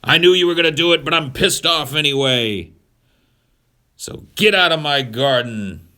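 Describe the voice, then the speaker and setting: A man's voice: on the high side, normal speed, pitched above the performer's own voice. A man doing a petty, scolding angry god. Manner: loud, scolding, sarcastic. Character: petty, angry all-knowing male god.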